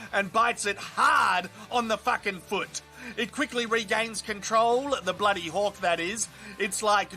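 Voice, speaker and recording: Australian guy, mock fight commentator, very high and bright voice, crude and excitable. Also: moderate pace, faint music behind. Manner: excitable, crude, shouts at big moments.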